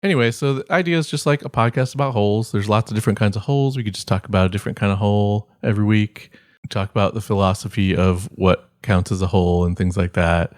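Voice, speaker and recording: Talking quickly in a lowish voice, this man co-hosts a podcast and chats casually. He rambles, restarting sentences and leaning on fillers, and the audio is dry with clean studio sound.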